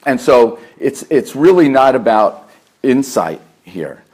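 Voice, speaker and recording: A man's voice: medium pitch, big pitch swings, a little mellow, slightly rough. Earnest man with a New York accent. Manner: earnest, deliberate, stacks repeated phrases with fillers. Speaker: therapist giving a talk. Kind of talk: lecture to a meditation group. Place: meditation center hall.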